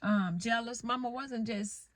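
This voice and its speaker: A middle-aged woman vlogs from her parked car, telling candid stories bluntly and rambling while swearing freely. Her voice is a little high and fairly bright, her pace unhurried, and there is no room sound.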